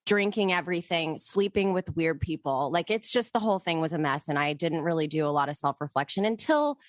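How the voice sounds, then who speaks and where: A woman's voice: low-pitched, fairly quick, no room sound. A woman podcast co-host telling a personal story in casual chat, emotional and rambling, swearing freely.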